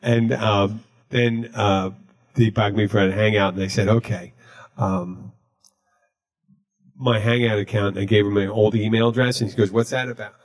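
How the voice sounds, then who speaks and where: A man hosting a podcast, telling a story in a casual, deadpan way. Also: fairly low pitch, normal speed. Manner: deadpan, recounting jokes he told. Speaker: podcast host.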